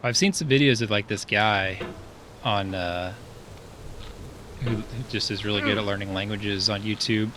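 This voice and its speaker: A man's voice: on the low side, fairly even intonation, normal speed, pauses often, background noise. A man streaming a game and chatting casually, rambling with lots of fillers and frequent laughs.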